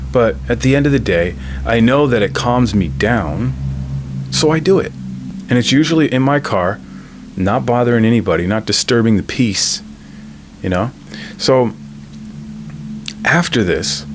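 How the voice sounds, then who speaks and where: A man's voice: mid-range voice, noisy background. A man, the channel host, telling a personal story in a casual monologue and often checking in with "right?".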